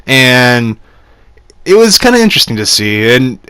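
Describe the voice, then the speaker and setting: A man's voice: mid-range voice, very animated, normal speed, sharp tone, clean tone, dry recording. A young man casually reviewing an anime episode, rambling with fillers and frequent laughs.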